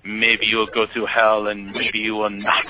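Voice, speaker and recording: A man voicing a pushy, preachy Egyptian male taxi driver with an Egyptian accent, talking slow and solemn, on dull lo-fi radio audio. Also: lowish voice, completely flat delivery, close to an everyday voice.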